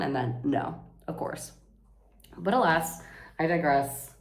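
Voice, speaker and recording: A woman's voice: low voice, lively intonation, moderate pace. A young woman venting in a casual vlog, exasperated and rambling, swearing freely. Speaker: vlogger.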